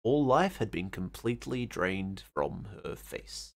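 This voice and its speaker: A man's voice: on the low side, lively intonation, measured pace. An Australian man streaming a horror game, joking wryly and reading its text aloud. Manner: wry and jokey. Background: faint game music.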